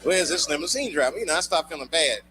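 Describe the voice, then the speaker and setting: A man performing a stand-up routine, telling a loose, profane story and shouting his punchlines. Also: on the high side, expressive, quick pace. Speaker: stand-up comedian. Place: comedy club stage before a live audience. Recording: noisy live club recording.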